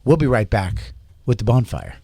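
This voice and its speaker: A man's voice: on the low side, wildly swooping pitch, moderate pace, vocal fry, background noise. A middle-aged man co-hosting a radio show, easygoing and enthusiastic in casual chat. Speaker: co-host.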